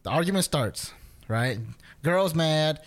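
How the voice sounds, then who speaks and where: A man with a fairly high speaking voice chats casually on a podcast. He tells an argument as a story and acts out both sides of it, jumping up in pitch for the other voices. He laughs often and swears in passing. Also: lively intonation, takes it slowly. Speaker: podcast co-host. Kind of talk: casual chat.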